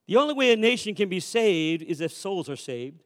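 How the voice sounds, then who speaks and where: A man preaching a sermon as a pastor, telling a story with animated, acted-out quotes and repeated refrains. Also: sits high, normal speed, long reverb tail. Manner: animated storyteller who acts out quoted voices. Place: church sanctuary.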